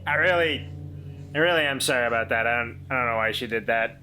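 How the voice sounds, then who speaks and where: A man voicing a sly young male runaway, who speaks in a hushed, low, conspiratorial way. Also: fast, faint music behind, natural voice, rough recording. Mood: apologetic.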